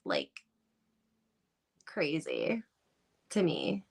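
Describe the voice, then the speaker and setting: A woman's voice: sits low, wildly swooping pitch, extremely slow, creaky, breathy edge. A woman hosting a live-stream commentary on reality TV gossip, talking in an emphatic, gossipy way full of rhetorical questions.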